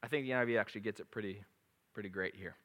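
A man preaching a sermon, reading scripture aloud with animated, dramatic emphasis. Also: lowish voice, racing, in a large hall.

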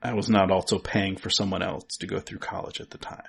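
A man chatting casually as a podcast guest, rambling and halting as he thinks aloud. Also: deep voice, little pitch movement, creaky, slight background noise. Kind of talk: casual chat.

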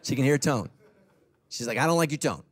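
A man's voice: medium pitch, animated, a little fast. A middle-aged man preaching a sermon as a pastor, humorous and conversational.

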